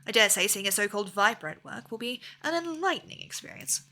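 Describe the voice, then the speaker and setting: A woman's voice: medium pitch, animated, fast, sharp tone. A woman voicing a stiffly polite guild clerk from a video game, with formal, precise diction. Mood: prim, formal. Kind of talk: reading game dialogue aloud.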